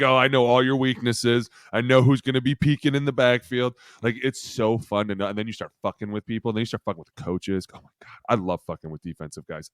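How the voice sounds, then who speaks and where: A man co-hosting a casual podcast, telling profane, animated stories with loud impressions of coaches. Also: deep voice, dry recording, studio quality. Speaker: podcast co-host, former lineman.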